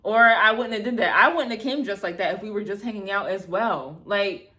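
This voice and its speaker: A woman's voice: medium pitch, a little fast. Exasperated woman telling a dating story. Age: 30s. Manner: animated, exasperated, acts out both sides of dialogue; heavy filler "like", casual swearing. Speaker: vlogger. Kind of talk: storytime vlog, casual retelling.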